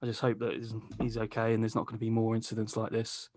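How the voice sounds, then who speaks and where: A man's voice: lowish voice, monotone, fast, darkish tone, no room sound. A man hosting a podcast, telling a long rambling story in casual chat, swearing freely and laughing mid-sentence. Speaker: podcast host.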